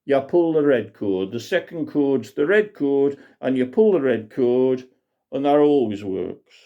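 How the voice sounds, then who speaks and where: A man's voice: medium pitch, lively intonation, measured pace, pitched above the performer's own voice. A man with a Black Country accent voicing a young flight controller, chirpy and instructing. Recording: dull lo-fi recording.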